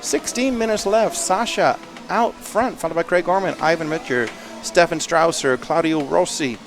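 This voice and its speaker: A man commenting live on a race in a chatty, self-deprecating way, with excitable bursts. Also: a little high, normal speed, over music. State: a little out of breath.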